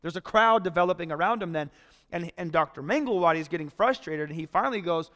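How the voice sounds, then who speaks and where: A pastor preaching a sermon in a conversational way, retelling a story and acting out the voices of the people in it. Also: male voice, high-pitched, expressive, fast talker, a bit bright, big-room sound.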